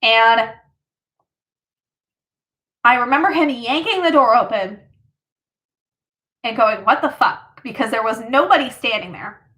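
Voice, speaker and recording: A woman's voice: fairly high pitch, bright, forceful tone. A woman vlogger casually telling a personal story, rambling with lots of fillers.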